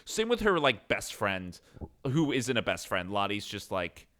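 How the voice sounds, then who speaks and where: A man's voice: on the low side, sing-song, measured pace, fairly bright tone. A man co-hosting a casual book podcast, playful and teasing as he talks through ideas. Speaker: podcast co-host.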